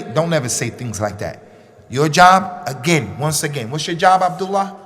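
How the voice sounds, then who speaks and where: A man teaching a religious workshop for young people, animated and repeating phrases for emphasis, with Arabic recitation mixed in. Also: a little high, moderate pace. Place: mosque.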